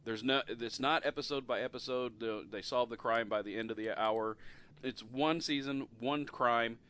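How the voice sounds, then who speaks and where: A man's voice: mid-range voice, fairly even intonation, moderate pace, pushed and bright, clear, resonant tone. A middle-aged man hosting a casual podcast chat, talking loosely with frequent laughs and trailing off at the ends of sentences. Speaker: podcast host.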